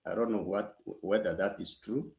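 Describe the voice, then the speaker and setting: A man speaking cautiously and hesitantly, with many pauses and uhs. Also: on the low side, a little mellow, roomy sound, low-quality recording. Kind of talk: casual address.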